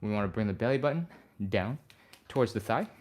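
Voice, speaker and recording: Talking quickly in a fairly low voice, a man guides a live stretching workout as its fitness instructor. His cues come relaxed and upbeat as he describes each move, with audible sighs and breaths in between.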